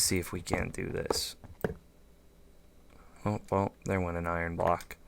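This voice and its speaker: A man's voice: sits low, level tone, normal speed, gravelly, clear, resonant tone, no echo. A man hosting a let's play, thinking aloud in casual gameplay commentary with lots of fillers and goofy asides.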